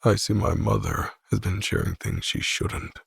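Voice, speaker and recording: A cold, possessive young man gives short, clipped lines, voiced by a man reading a romance audiobook. His voice is very deep and heavily gravelly, with a raspy edge. The recording is dry and close. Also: steady tone, normal speed, a bit bright, no room sound, heavily acted. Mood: cold, curt. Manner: curt, clipped threats.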